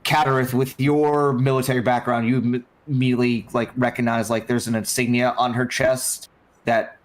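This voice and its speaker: A man running a tabletop game, describing the scenes in a relaxed, halting manner. He fills his pauses with "um" and "like" as he goes. His voice sits at an average pitch. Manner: loose and halting, lots of fillers. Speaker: game master.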